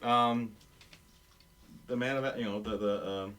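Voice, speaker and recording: A man's voice: lowish voice, steady tone, slow pace, a bit bright, far from the mic. A man playing a tabletop game, talking hesitantly with many fillers. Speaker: player. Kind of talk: casual tabletop play.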